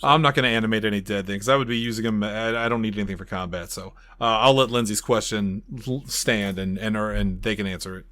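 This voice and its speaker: A man with a bright voice, recorded close and dry, plays a tabletop game with friends. He talks in halting bursts and corrects himself as he goes. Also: lowish voice, fairly even intonation, no echo. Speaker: player. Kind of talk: casual tabletop game play.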